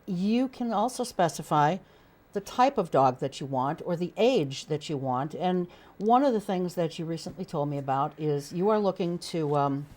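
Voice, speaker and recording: Woman host, low voice, chatty, jumps in on guest. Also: animated, normal speed, darkish tone. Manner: chatty, interjects and finishes guest's points. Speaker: talk show host. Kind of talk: casual interview talk.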